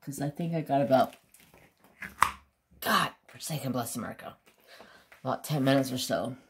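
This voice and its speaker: A man's voice: medium pitch, normal speed, slight background noise. A man chatting casually to his viewers as a craft vlogger, rambling about his pets and swearing offhandedly.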